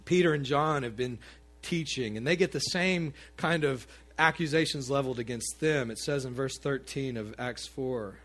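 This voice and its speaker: A man preaching a sermon to his congregation in a conversational, animated way, with asides to the listeners. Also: medium pitch, moderate pace. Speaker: pastor.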